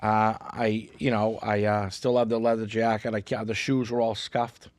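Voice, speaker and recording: Boston-accented man telling animated stories. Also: fairly low pitch, moderate pace, no echo. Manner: animated storyteller, jokey and boastful. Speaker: guest comedian. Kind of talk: casual podcast chat. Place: podcast studio.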